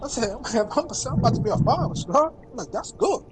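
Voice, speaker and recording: A higher-voiced man in his forties rambles through fond stories between rounds of a game, looping back on himself as he talks. Loud game music runs behind his casual chat. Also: lively intonation, quick pace, low-quality recording. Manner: rambling, repetitive storytelling. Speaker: gaming streamer. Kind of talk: casual chat while gaming.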